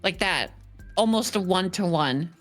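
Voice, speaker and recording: A woman's voice: on the low side, lively intonation, a little slow, soft background music. A woman streamer bantering playfully in casual chat, teasing and swearing casually.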